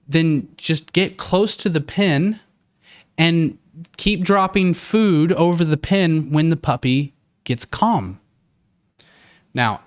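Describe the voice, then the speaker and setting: Guy w a slightly high voice, dog trainer on a podcast, reads tips out then chats about them, lots of ums. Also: dry recording, clean studio sound. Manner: reads out steps, then adds his own opinion; conversational, with fillers and restarts. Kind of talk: casual podcast commentary.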